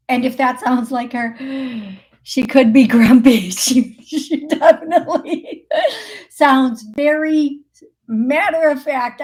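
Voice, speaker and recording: Woman psychic medium host, unhurried, slightly high voice, laughs a lot, thinks out loud. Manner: chatty, laughs often, thinks aloud with fillers. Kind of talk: live call-in show.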